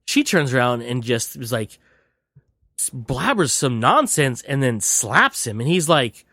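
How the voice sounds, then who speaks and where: A man's voice: medium pitch, very animated, moderate pace, fairly bright tone, no echo, clean studio sound. A male podcast host giving a rambling, profane, casual movie recap full of digressions.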